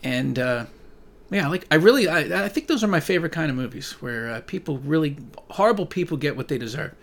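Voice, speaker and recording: A man talking casually to his viewers, reading their messages aloud and rambling, with frequent swearing and sudden loud rants. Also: a little high, expressive, quick pace, creaky. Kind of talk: casual profane monologue.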